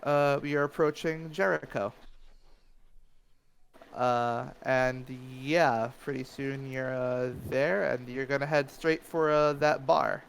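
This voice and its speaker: A man's voice: mid-range voice, fairly even intonation, takes it slowly, gravelly, a little hiss or hum, poor audio. A man narrating as game master of a tabletop game, hesitant and full of fillers.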